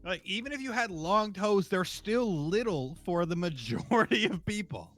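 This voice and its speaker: A man's voice: sits high, expressive, moderate pace, fairly bright tone, soft background music. A man hosting a casual stream chat, bantering with a guest in mock outrage and swearing freely. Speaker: streamer host.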